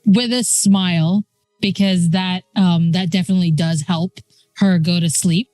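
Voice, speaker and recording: A woman player describing her character's actions hesitantly, with many pauses. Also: lowish voice, fairly even intonation, a little mellow, dry recording, soft background music. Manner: hesitant, lots of fillers.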